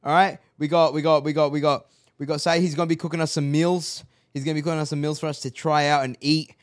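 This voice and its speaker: A young man co-hosts a casual podcast. He jokes and banters with his friends, and his voice sits a little high. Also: level tone, fast talker. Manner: joking banter. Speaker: podcast co-host. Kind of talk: casual chat.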